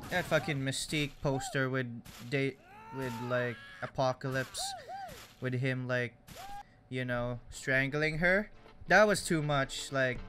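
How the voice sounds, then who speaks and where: A young man, rambling and joking through casual gameplay commentary. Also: on the high side. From Canada. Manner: rambling, jokey, self-deprecating. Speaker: gaming YouTuber.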